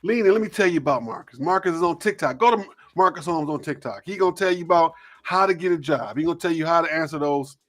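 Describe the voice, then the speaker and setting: A man hosts a loose, live sports talk show. His voice sits a little high. He rambles, restarts and fills pauses with uh.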